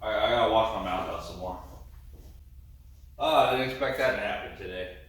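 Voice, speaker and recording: A man's voice: fairly low pitch, brisk, a bit bright. A man feeling nauseous, groaning and rambling as he talks casually for his vlog. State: nauseous, queasy. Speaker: car-build vlogger. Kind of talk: casual vlog talk to camera. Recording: echoey room, far from the mic, faint noise.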